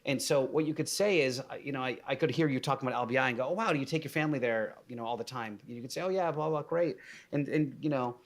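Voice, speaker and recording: A man's voice: medium pitch, fast talker. A man guesting on a podcast, giving casual conversational advice with frequent fillers and restarts.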